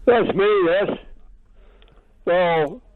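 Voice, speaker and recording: A Scottish man rings in to a radio phone-in and speaks slowly and insistently. His voice is fairly high. The sound comes through a thin, tinny phone line. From Scotland. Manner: slow, insistent and earnest.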